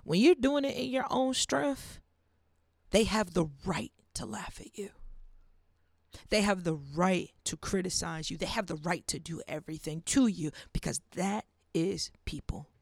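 Gravelly woman preaching on a podcast. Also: fairly low pitch, lively intonation, unhurried, no echo, studio quality. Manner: earnest preaching with hushed emphasis. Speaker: podcast host. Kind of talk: faith-based podcast monologue.

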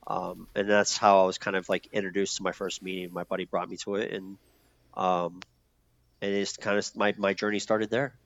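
A man's voice: sits low, level tone, normal speed, creaky, a bit bright. A man speaking candidly about his past in a loose, profane way, with many fillers and restarts. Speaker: guest telling his recovery story. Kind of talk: candid conversational storytelling. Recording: dull lo-fi sound.

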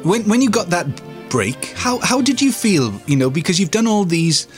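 A man's voice: high voice, sing-song, moderate pace, soft background music. A male radio presenter asking a guest curious questions in a chat show.

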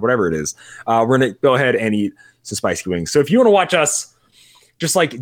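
A man's voice: medium pitch, no echo, clean studio sound. A man co-hosting a casual podcast, playful and teasing. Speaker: podcast co-host.

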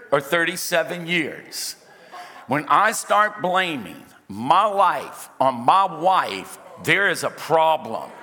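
A middle-aged male pastor preaching to his congregation with a bright, forceful voice. He acts out the dialogue in his stories and jokes with the crowd. His voice rings out through the long reverb of a large church hall. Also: on the high side. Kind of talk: sermon. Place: church auditorium.

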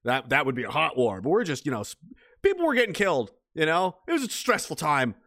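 High-voiced man in a mocking rant. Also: sing-song, quick pace, fairly bright tone. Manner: profane, mocking rant in a mock spy-boss persona; rambling with frequent restarts and fillers. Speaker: commentator. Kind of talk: sarcastic reaction commentary.

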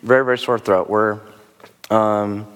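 Male pastor, lowish voice worn rough from a sore throat, musing sermon with rhetorical questions, long church-hall reverb. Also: fairly even intonation, measured pace, fairly bright tone. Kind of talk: sermon with altar call. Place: church service.

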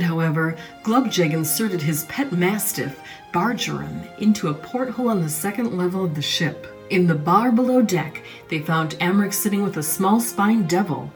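A woman's voice: on the low side, darkish tone. A woman reading a scripted recap of the previous episode. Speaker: recap narrator. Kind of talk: scripted narration.

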